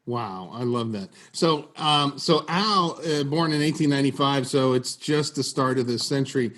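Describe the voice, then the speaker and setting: A male podcast host with an everyday middle-pitched voice. He asks his questions haltingly, padding them with ums and uhs as he feels his way forward. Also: fairly bright tone. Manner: hesitant, filler-heavy questions. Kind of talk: interview.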